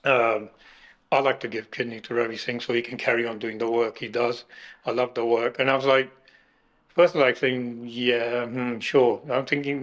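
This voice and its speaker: A middle-aged man recounting his kidney transplant in an emotional interview, halting and restarting as he speaks. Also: medium pitch, flat delivery, fairly bright tone, highs cut off. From United Kingdom. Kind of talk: emotional personal account.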